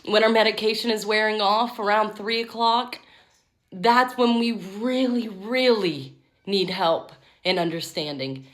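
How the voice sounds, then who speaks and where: A woman's voice: medium pitch, measured pace. A woman in her thirties talking candidly and emotionally to camera in a personal vlog. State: tearful at times. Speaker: vlogger.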